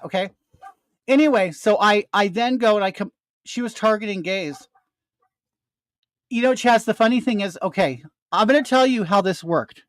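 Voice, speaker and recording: An older man talking straight to his viewers, his pitch swinging up and down as he rants through a profane story. His voice sits close and dry, with no room sound around it. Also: moderate pace, pauses often, dry recording. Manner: animated, profane, ranting. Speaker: storyteller addressing his audience. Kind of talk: casual storytelling.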